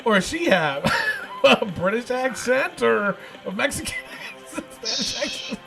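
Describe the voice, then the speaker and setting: A man hosting a casual podcast, excitable and laughing often, repeating himself as he talks. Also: very high voice, a little slow, gravelly, faint music behind, low-quality recording. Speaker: podcast host.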